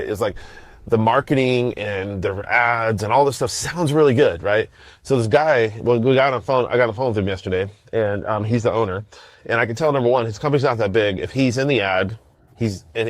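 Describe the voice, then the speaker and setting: A man's voice: on the low side, dry recording. A middle-aged man hosting a casual solo podcast, rambling in slangy talk with many restarts and fillers. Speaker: podcast host.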